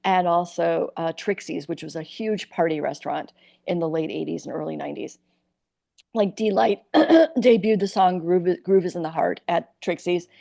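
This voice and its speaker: A woman's voice: lowish voice, normal speed, gravelly, no echo, clean studio sound. A woman from Iowa, a comic actress, telling candid stories in a podcast interview and acting out the people in them. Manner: animated, acts out quoted voices.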